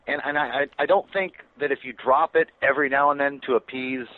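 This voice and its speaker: A man's voice: medium pitch, steady tone, no room sound. Hesitant man on a tinny line. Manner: hesitant, halting interjections. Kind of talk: talk radio debate.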